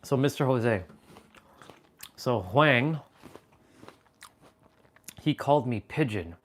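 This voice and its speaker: A man hosting a livestream, talking casually and telling an animated story, swearing freely. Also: mid-range voice, takes it slowly. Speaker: livestream host.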